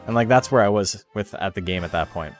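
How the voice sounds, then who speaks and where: Man, lowish voice, casual stream commentary, rambling, swears a lot, faint music behind. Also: quick pace. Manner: loose and joking, swears freely; rambling, heavy use of "like". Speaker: tournament commentator.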